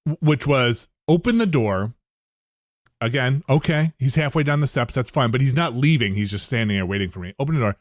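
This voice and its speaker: A man's voice: medium pitch, brisk, no echo, studio quality. A man hosting a podcast, telling a rambling story with lots of fillers and laughter. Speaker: podcast host. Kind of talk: casual chat, anecdote.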